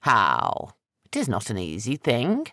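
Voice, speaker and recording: A man voicing an ancient, menacing sorcerer with slow, heavy, rasping speech for an audiobook. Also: medium pitch, huge pitch swings, sharp tone, no echo, clean studio sound, heavily acted.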